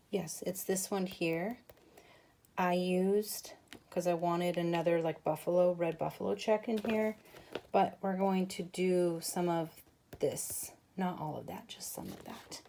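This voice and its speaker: A woman's voice: fairly low pitch, vocal fry, warm tone, a little hiss or hum. A woman hosting a craft tutorial, chatting casually with viewers as she works. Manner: chatty, talks to viewers while working. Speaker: crafting channel host.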